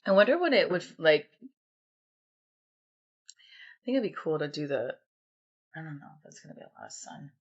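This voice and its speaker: Brief: chatty New Jersey woman hosting a home livestream, lowish voice, muffled phone sound. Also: very animated, normal speed, long pauses. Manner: chatty, rambling, many fillers and restarts. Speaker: livestream host. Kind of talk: casual livestream chat. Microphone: phone camera.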